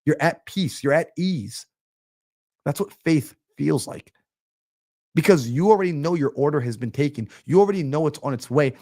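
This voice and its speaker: A man coaching on a live stream, energetic and preachy, acting out little everyday scenes. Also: on the high side, moderate pace. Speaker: mindset coach. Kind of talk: motivational live-stream talk.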